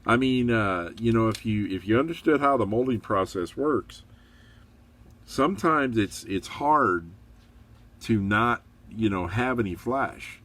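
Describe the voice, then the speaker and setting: A middle-aged man giving a relaxed, chatty review of a model kit, rambling a little and encouraging viewers. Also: fairly low pitch, a little slow. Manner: upbeat, encouraging. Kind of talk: casual hobby review.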